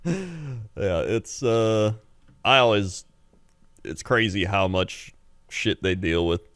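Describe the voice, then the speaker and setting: A man's voice: fairly low pitch, lively intonation, slow, fairly bright tone, dry recording, clean studio sound. A man in his thirties co-hosting a podcast, telling rambling stories with lots of laughs and acted-out voices. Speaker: podcast co-host. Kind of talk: casual storytelling chat.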